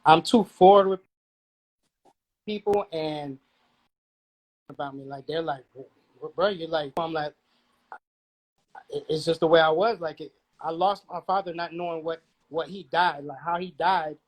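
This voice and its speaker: A man, a rapper, chatting casually in a playful, animated way with loud outbursts. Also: on the high side, moderate pace, pauses often, poor audio. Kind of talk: casual chat.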